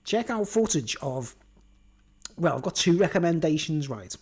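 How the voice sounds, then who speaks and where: A man's voice: fairly high pitch, sing-song, normal speed, darkish tone, husky. A man, rambling through a monologue and constantly tacking on "right?" and "you know what I mean?", blunt and sweary, with chuckles. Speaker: vlogger.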